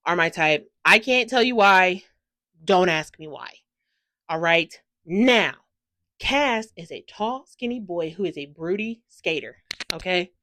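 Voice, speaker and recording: A young woman giving a casual, chatty book review, gushing and rambling excitedly, sprinkling in "like" and swearing freely, sounding tired. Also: medium pitch, dry recording. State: tired from no sleep.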